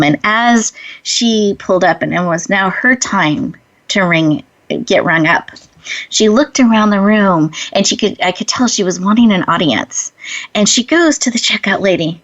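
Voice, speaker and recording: Earnest woman host, muffled audio. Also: medium pitch. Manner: earnest storytelling, gentle slow instructions. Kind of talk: inspirational talk and guided breathing.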